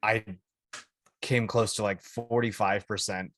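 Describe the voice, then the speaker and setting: Excitable man in casual gamer chat. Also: on the low side, unhurried, no room sound, clean studio sound.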